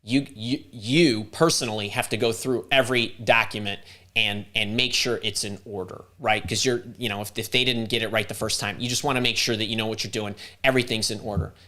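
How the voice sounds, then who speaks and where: A man voicing his former boss while telling a story, speaking lower, blunt and matter-of-fact. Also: fairly even intonation, brisk, sharp tone. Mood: firm. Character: gruff male boss giving orders.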